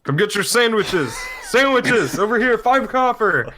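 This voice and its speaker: A man doing a loud, suspicious sandwich seller. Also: fairly high pitch, big pitch swings, moderate pace, a little hiss or hum, voice pushed up. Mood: hawking. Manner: shouting street-seller calls. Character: gruff male sandwich vendor, suspicious.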